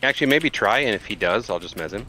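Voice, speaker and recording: A man making laid-back, low-key remarks while playing an online game over a headset mic. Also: lively intonation, fast talker, pushed and bright, a little hiss or hum, poor audio. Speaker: group player. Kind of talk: casual chat while gaming.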